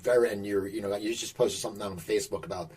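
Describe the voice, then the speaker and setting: A man's voice: fairly low pitch, fairly even intonation, fast talker, a little mellow, breathy edge. A man hosting an interview and asking long, rambling questions with many restarts. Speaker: podcast host, interviewer. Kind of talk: casual interview chat.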